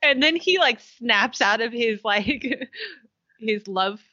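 A woman co-hosting a casual chat, excitedly recapping a TV episode and gushing over its romance. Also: a little high, slow pace, no echo. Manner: gushing, excitable, swoons aloud. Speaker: podcast co-host. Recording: dull, muffled dry sound.

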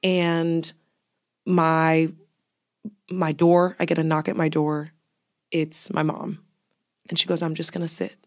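A woman's voice: deep voice, little pitch movement, slow pace, long pauses. A young woman co-hosting a podcast, sharing a personal story in casual chat and often sinking into a near whisper. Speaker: podcast co-host.

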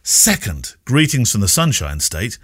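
A man's voice: on the low side, very animated, measured pace, fairly bright tone, breathy edge, dry recording, studio quality. A man hosting a podcast, joking with his co-host and reading listener mail aloud. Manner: teasing, laughs often.

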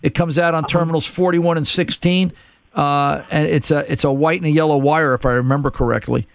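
A middle-aged man with a gravelly voice hosts a call-in radio show. He talks through the problem step by step in a loose, conversational way, doubling back on words as he goes. His voice is fairly high for a man and sits dry and close on the studio mic. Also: fairly even intonation, a little fast, no echo. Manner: explanatory, conversational, repeats words while thinking. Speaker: radio car-repair show host.

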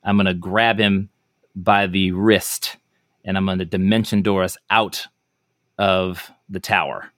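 Low-voiced man playing a tabletop game. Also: steady tone, unhurried, fairly bright tone, dry recording, studio quality. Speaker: player.

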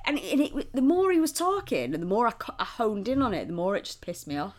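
A young woman chats casually as a podcast co-host. Her pitch swings widely, and she rants and swears freely. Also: fast talker. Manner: animated, sweary, ranting. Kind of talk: casual chat.

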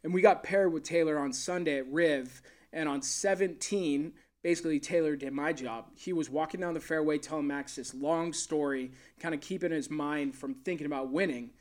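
A golf caddie with a slightly high, mellow voice chats casually in an interview. He's an easygoing storyteller whose stories are full of fillers.

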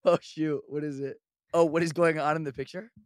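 A man with a high voice chats on a podcast, telling stories in a lively way, laughing often and acting out what people said. The sound is dry and close, with no room around it. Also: fairly quick, clean tone, no room sound. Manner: laughing, animated storytelling with acted-out quotes. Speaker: podcast host. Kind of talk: casual podcast chat.

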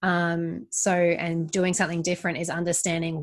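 A woman's voice: on the low side, steady tone, brisk. An Australian woman who is a podcast guest, talking earnestly about relationships and triggers in a casual interview. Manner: earnest, advice-giving, laughs easily.

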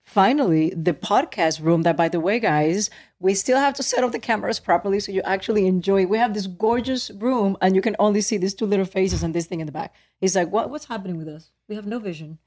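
Woman podcast co-host, mid-pitched, lively storyteller, laughs a lot, casual. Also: a little fast, hardly any pauses. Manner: animated storyteller, laughs often. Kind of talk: casual chat. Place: podcast room.

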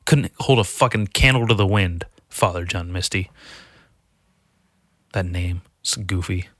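A young man riffs through a loose, swear-heavy comic monologue, mocking himself and everyone around him. His voice sits fairly low but carries a bright, forceful edge. It sounds close and dry, with no room around it. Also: unhurried, no room sound. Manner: profane, rambling, self-mocking; mimics people in high squeaky voices. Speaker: solo podcast host. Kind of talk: rambling comedic monologue.

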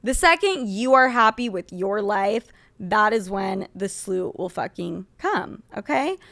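A woman's voice: mid-range voice, dry recording. A young woman hosting an advice podcast, talking bluntly and with lots of swearing as she answers listener letters. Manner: blunt, profane and animated, reading listener letters aloud. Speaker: podcast host. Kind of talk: casual podcast advice chat.

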